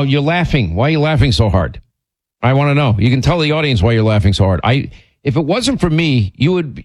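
Animated, rambling male radio host. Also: dry recording. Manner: voice jumps high when exasperated. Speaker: radio talk show host. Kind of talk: casual on-air banter.

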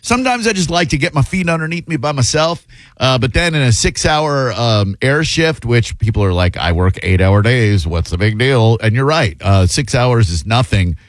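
A man in his fifties, filling in as a talk radio host, tells rambling, self-deprecating stories packed with fillers in a casual chat. He has a mid-range voice with lively intonation and a moderate pace, recorded on a studio broadcast mic in a radio studio with no room sound.

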